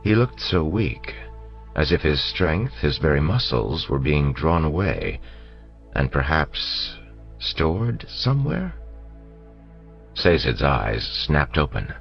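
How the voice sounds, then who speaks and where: A man narrating an audiobook in a steady storytelling manner, on a dull lo-fi recording with faint music. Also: very deep voice, takes it slowly, creaky. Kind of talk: scripted narration.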